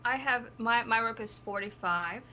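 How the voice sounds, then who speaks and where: A woman's voice: on the high side, normal speed, bright, forceful tone, highs cut off, slight background noise. A woman playing a tabletop game, playful and haggling over small details. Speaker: player.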